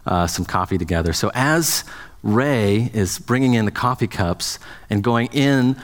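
A man's voice: fairly low pitch, measured pace. Pastor guy preaching casually, stumbles and restarts a lot, long church echo. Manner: conversational, many restarts and fillers. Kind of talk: sermon.

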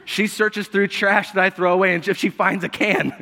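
A man preaching a sermon in a relaxed, conversational way, joking and laughing often as he goes. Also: high-pitched, moderate pace, long reverb tail. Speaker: pastor.

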